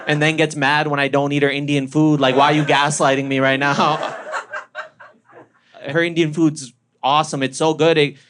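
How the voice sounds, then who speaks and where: A young Canadian man performing a stand-up comedy set, telling stories with a deadpan, punchy delivery. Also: a little high, moderate pace, noisy background. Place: comedy club stage.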